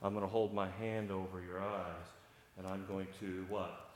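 A man preaching a sermon, animated, acting out the voices of the people in the story. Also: deep voice, moderate pace, roomy sound. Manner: animated, acts out voices of biblical figures.

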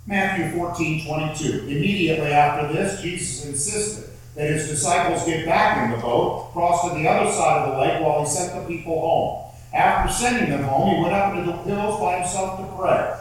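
A man preaching a sermon and reading scripture aloud, slow and emphatic, repeating phrases for effect. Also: fairly high pitch. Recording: very echoey room, heard from far off.

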